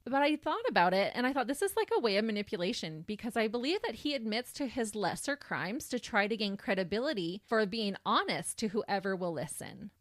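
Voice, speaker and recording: A woman's voice: mid-range voice, animated, fairly quick, hardly any pauses, no echo, studio quality. A woman hosting a podcast, recounting a true crime case in a sardonic storytelling manner. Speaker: podcast host.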